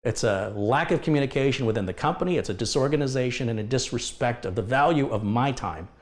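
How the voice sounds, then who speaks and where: A man's voice: medium pitch, fast talker. A middle-aged man who runs a computer repair business, talking straight to camera and venting his frustration about a customer. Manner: frustrated, venting, acts out past exchanges. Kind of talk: candid monologue to camera.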